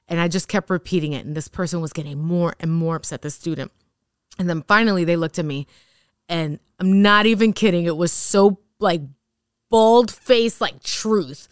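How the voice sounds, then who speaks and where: This is a woman in her thirties, a teacher who co-hosts a podcast. She tells animated classroom stories in a casual way and slips into other people's voices for quotes. Her voice is smooth and clear, recorded close and dry. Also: lowish voice, moderate pace, no echo.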